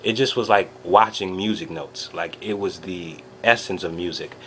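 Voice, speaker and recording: A man vlogging an excited personal recap, telling a story with lots of fillers and acting out the quotes. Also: sits low, normal speed, a little hiss or hum.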